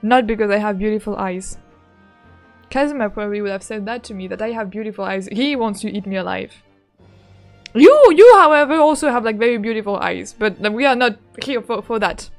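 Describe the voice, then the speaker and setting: A young woman streaming a game, reacting with excited, giggly commentary and quick outbursts. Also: medium pitch, faint music behind.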